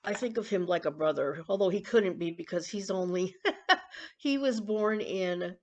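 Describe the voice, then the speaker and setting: A woman in her sixties rambling and confiding in a casual personal vlog, with coughs and throat-clearing. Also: lowish voice, moderate pace, darkish tone. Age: 60s. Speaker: vlogger.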